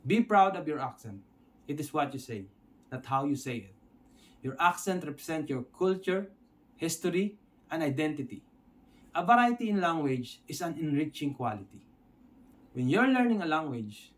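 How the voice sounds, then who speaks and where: A man from the Philippines with a Filipino accent, teaching an English lesson step by step and often checking in with his listeners. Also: a little high. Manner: explains step by step, checks in with "Okay?". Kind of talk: instructional video lesson.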